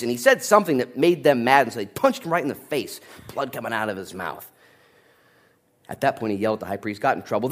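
A man preaching a sermon, telling stories with jokes and acting out the voices of the people in them. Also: mid-range voice. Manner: animated storytelling, acting out voices and joking. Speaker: pastor.

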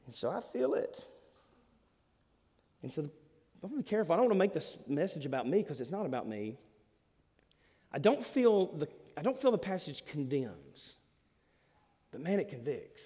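A man preaching a sermon as a church pastor, animated and self-deprecating. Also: sits high. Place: church sanctuary. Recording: long reverb of a church hall.

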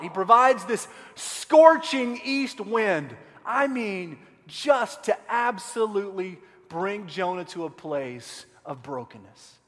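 A man preaching a sermon as pastor, impassioned, swinging between quiet stretches and loud emphatic bursts. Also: high-pitched, in a large hall.

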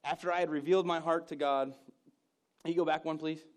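A man preaching a conversational sermon, self-mocking, with loud emphatic bursts and hushed asides. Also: a little high, fairly even intonation, a little fast.

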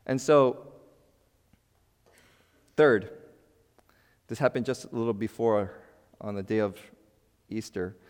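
A male pastor giving a sermon in an animated, conversational way, swinging from loud bursts to quiet asides with playful humor. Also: medium pitch. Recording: long hall reverb.

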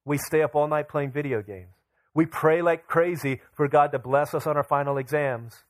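A man's voice: a little high, normal speed, no room sound. A young man pastor preaching a sermon, telling a family story and acting out his children's voices.

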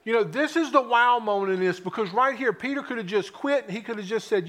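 High-voiced preacher, hushed and rising. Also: male voice, fast, few pauses. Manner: dramatic swings from loud to hushed, rhetorical questions. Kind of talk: sermon.

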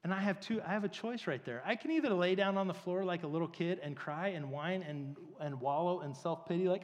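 A man's voice: sits high, fairly quick, hardly any pauses. A man preaching a casual, conversational sermon, telling stories with lots of fillers. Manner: casual, filler-heavy, storytelling. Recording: long reverb of a large hall.

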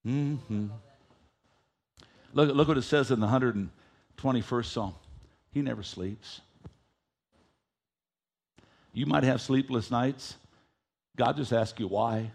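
A man's voice: mid-range voice, measured pace, vocal fry, pauses often, darkish tone. A male preacher delivering a sermon. He reads scripture aloud and leads the congregation in reading it back with him.

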